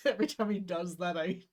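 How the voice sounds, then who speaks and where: A woman's voice: mid-range voice, dark tone. A young woman co-hosting a casual chat, explaining things in rambling, restart-filled stretches and laughing often. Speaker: co-host.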